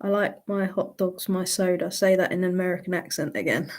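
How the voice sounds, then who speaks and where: A woman's voice: on the low side, steady tone, a little fast, a little mellow. A woman hosting a casual live Q&A, chatty and laughing often as she reads out viewer questions. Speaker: livestream host answering viewer questions.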